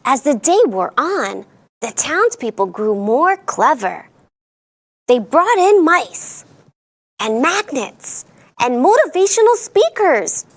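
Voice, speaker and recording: A woman's voice: sits high, big pitch swings, slow pace. A woman hosting a children's storytime, reading a picture book aloud in a sing-song storyteller voice and putting on playful voices for the characters.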